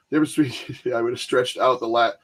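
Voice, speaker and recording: A man's voice: mid-range voice, fairly bright tone. Laughing man in casual chat. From Michigan, US. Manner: rambling, laughing, acts out quoted voices. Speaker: podcast host.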